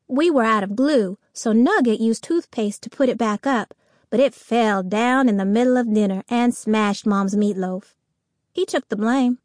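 A woman narrating a children's audiobook in the first person, telling the story with lively energy. Her voice sits high and the recording is dry and close. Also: no room sound.

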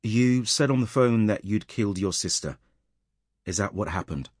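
A male audiobook narrator voicing a gentle, soft-spoken policewoman who asks calm questions. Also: on the low side, normal speed, no echo, studio quality.

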